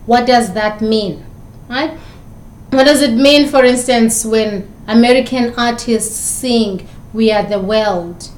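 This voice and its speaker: A South African woman with a South African accent speaks on the high side and slowly, with a roomy sound. A communication instructor, she gives recorded lecture commentary full of probing rhetorical questions.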